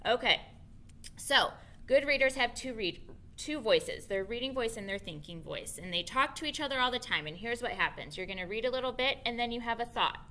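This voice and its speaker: A woman teacher modeling a reading lesson for young children on her own camera, expressive and patient, repeating key points slowly. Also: fairly high pitch.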